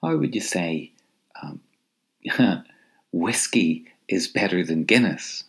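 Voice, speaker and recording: A man teaching a recorded language lesson, patiently repeating phrases and pausing for the listener to answer, with light chuckles now and then. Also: sits low, animated, gravelly.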